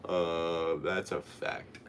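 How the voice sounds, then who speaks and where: A man's voice: sits low, fairly even intonation, drawn-out words, vocal fry, smooth. A young man hosting a solo podcast, worn out and yawning, rambling in a loose, goofy way. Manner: rambling and tired, with goofy voices and playful yelps. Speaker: podcast host.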